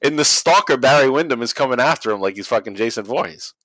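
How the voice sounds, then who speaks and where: A man with a mid-range, fairly bright voice co-hosts a casual wrestling podcast, recapping a match play by play at a quick, animated clip. He swears, laughs often and slips into goofy impressions. The recording is low quality but has no echo.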